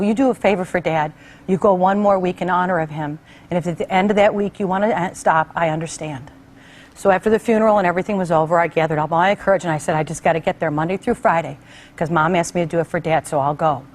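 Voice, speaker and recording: A middle-aged woman talk show host telling a heartfelt personal story in a conversational way, acting out the people she quotes. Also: lowish voice. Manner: conversational, animated quoted voices.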